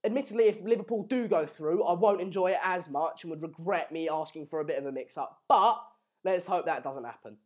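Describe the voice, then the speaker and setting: A man's voice: on the high side, a little fast, a little mellow. Bantering young English man on a live stream. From England. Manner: jokey banter, rambling with fillers and restarts. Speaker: football watchalong streamer. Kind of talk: live stream chat reading comments. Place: home room in Madrid.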